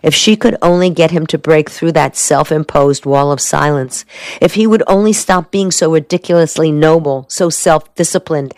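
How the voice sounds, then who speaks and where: A female audiobook narrator with a low voice reads a novel from a script in a measured, steady manner. The recording is dry and close, with no room sound.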